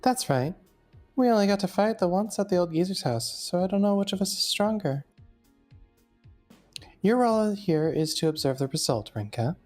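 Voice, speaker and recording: A woman's voice: lowish voice, lively intonation, moderate pace, pauses often, a little mellow, faint music behind, close to an everyday voice. A woman voicing a brash, combative young female fighter in a visual novel read-along, blunt and taunting.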